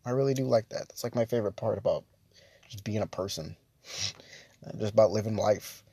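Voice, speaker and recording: A man's voice: fairly low pitch, brisk, mellow, breathy edge, no room sound. A young man hosting a casual solo podcast, rambling with many fillers and restarts, chuckling between thoughts. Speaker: podcast host.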